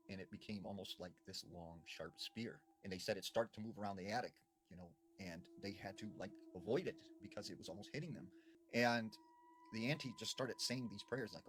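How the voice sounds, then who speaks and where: A man telling a creepy folk legend in a hushed, dramatic way, often filling with "you know". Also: lowish voice, a little fast. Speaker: storyteller. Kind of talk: spooky storytelling.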